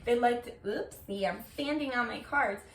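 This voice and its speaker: A woman reads tarot cards in a loose, chatty way, full of filler words and easy swearing. Her voice sits a little high. She is recorded from a distance in a room with a lot of echo. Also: moderate pace. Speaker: tarot reader. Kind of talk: casual tarot reading to camera. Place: room, seated on the floor. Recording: echoey room, mic at a distance.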